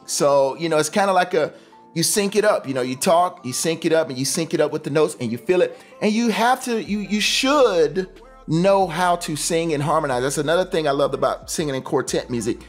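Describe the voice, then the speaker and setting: Guy explaining his gear, pretty high voice, hyped and chill, bit of music in back. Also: moderate pace. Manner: enthusiastic, relaxed slang. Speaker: talk box player, guest. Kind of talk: casual explanation with demonstration.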